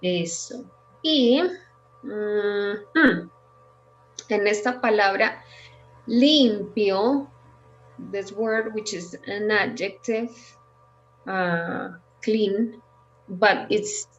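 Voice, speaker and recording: A native Spanish-speaking woman gives an online language lesson. She talks slowly and patiently, filling pauses with "eh" and "um". The call audio sounds a little dull. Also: medium pitch, soft background music. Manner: patient, explains slowly with many fillers. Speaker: Spanish teacher.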